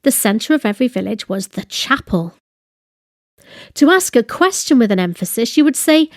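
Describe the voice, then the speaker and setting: A woman giving a slow, deliberate grammar lesson, reading example phrases and translating them. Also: a little high, animated, no room sound, studio quality. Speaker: language teacher.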